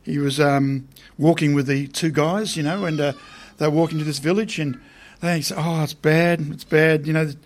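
A man's voice: fairly high pitch, steady tone, normal speed. A man preaching a sermon in a conversational way, often putting questions to his listeners.

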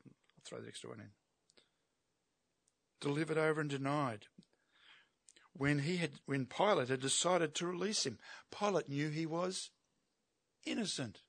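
A man's voice: fairly high pitch, a little slow, gravelly, long pauses, a bit bright, no echo. A man preaching an expository sermon, emphatic and asking his listeners rhetorical questions.

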